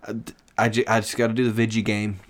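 A man's voice: fairly low pitch, little pitch movement, fast talker. A man co-hosting a podcast in casual chat, rambling and acting out past conversations. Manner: rambling, quoting his own past exchanges. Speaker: podcast co-host.

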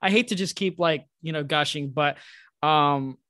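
Eager fan host with a higher voice. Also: male voice, normal speed, bright, forceful tone, dry recording, clean studio sound. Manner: enthusiastic, filler-heavy, laughs often. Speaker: podcast host. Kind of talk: casual podcast chat.

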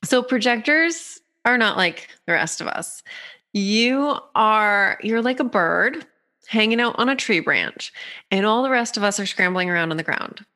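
A woman guesting on a podcast, explaining human design with lively, playful examples. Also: mid-range voice, unhurried. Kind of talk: podcast conversation.

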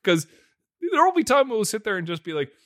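A man hosting a podcast, riffing and joking about a bad movie, swearing freely. His voice swings widely and sits slightly high. The sound is dry and close, with no room around it. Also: brisk, no echo. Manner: animated, swearing, mocking. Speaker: podcast co-host. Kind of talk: casual movie-review chat.

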